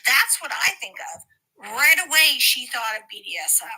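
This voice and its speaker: A woman co-hosting a casual livestream who talks in an animated, gossipy way. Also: sits high, moderate pace, breathy edge, low-quality recording. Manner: animated and gossipy, laughs often. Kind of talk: casual chat.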